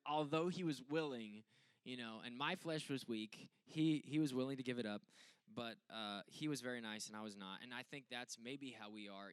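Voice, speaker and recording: A man's voice: mid-range voice, pushed and bright, smooth, dry recording. A young adult man preaching a casual sermon as a pastor, telling stories in a joking, self-mocking way.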